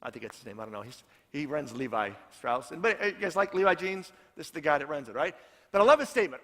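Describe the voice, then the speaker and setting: A man with a high, bright voice preaches a sermon, telling the story and circling back to repeat his main points. His words ring out with a long reverb through a church hall. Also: animated, fast talker. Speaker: pastor.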